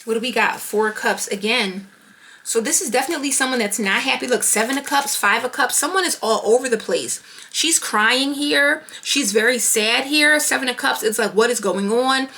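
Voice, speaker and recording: A woman doing a tarot card reading, animated and thinking aloud as she pulls cards. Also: a little high, moderate pace. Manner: animated, talking to herself while pulling cards. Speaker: tarot reader.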